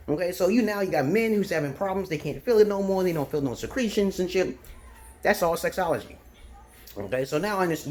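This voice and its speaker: A man's voice: on the high side, a little mellow, slight background noise. A man from Brooklyn, ranting profanely and emphatically in an unscripted monologue as a self-styled dating advisor. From Brooklyn, New York.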